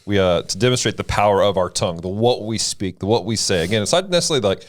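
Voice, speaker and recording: A man who is a pastor, explaining scripture and asking questions in a relaxed discussion. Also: fairly low pitch, fast talker. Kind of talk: casual discussion.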